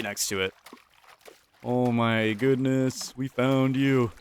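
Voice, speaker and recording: A young man commentates a survival game casually and playfully, joking around, talking to the game's characters, and putting on jokey pirate voices. His mid-range voice is smooth, with fairly even intonation and a slow pace, and the recording is dry.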